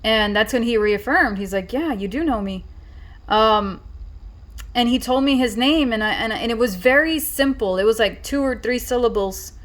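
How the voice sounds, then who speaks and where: Woman vlogger rambling thru a story, kinda high voice, lots of likes and ums. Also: normal speed. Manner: rambling, many fillers and restarts. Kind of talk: casual storytelling.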